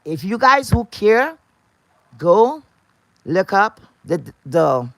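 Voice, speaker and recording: A woman's voice: medium pitch, sing-song, slow pace, no room sound. A woman talking to her viewers in a casual ranting livestream, blunt and profane, often repeating herself. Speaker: live streamer.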